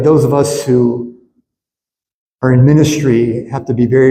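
A man's voice: medium pitch, warm tone, slight background noise. A man preaching a sermon as pastor, earnest and emphatic, often repeating words as he builds to his points. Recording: echoey hall with faint ambience.

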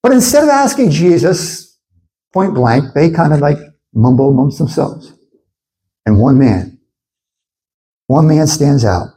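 A man preaching a sermon in an animated way, acting out the voices of his listeners as he goes. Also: on the high side, a little slow, pauses often, low-quality recording. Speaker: pastor.

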